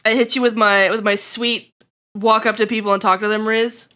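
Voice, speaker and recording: A woman's voice: fairly high pitch, level tone, normal speed, sharp tone. A young woman streamer chatting casually with her viewers, giggly and playful, swearing and putting on mock-angry rants.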